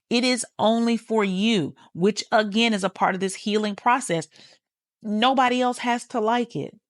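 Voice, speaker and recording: A woman's voice: medium pitch, dry recording, clean studio sound. A woman hosting a podcast on healing, talking casually and candidly straight to the listener and swearing freely. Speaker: podcast host, healing coach. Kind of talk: casual motivational talk.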